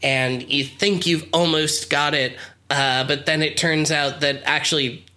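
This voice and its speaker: A podcast co-host in casual chat, wry and unhurried, swearing for emphasis. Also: mid-range voice, fairly even intonation, sharp tone.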